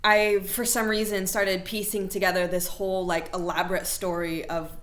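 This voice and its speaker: Young female guest, mid-pitch, candid, laughs between her words. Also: little pitch movement, normal speed, fairly bright tone, a little hiss or hum. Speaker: podcast guest. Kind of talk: casual chat.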